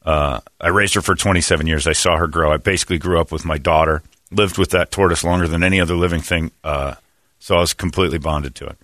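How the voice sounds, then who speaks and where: A man's voice: quick pace, dry recording, clean studio sound. A middle-aged man hosting a talk radio show, ranting with profanity and laughing at his own lines. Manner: animated, profane rants with swings in pitch and laughter. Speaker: radio host. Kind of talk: casual talk radio banter.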